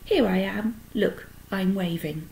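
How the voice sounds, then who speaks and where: A woman reading aloud and voicing a kindly, calm female spider with a genteel manner. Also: mid-range voice, slow pace, creaky, roomy sound, low-quality recording. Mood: friendly.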